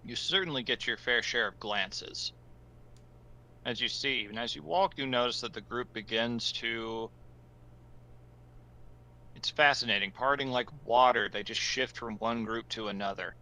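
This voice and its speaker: A man's voice: medium pitch, unhurried, pauses often, pushed and bright, poor audio. A man running a tabletop game as game master over an online voice session, narrating in a theatrical, descriptive way.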